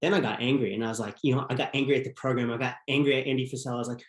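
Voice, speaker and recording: A man's voice: mid-range voice, fairly even intonation, very fast, few pauses. A man as a podcast guest, telling a personal story in an earnest, reflective way. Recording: roomy echo.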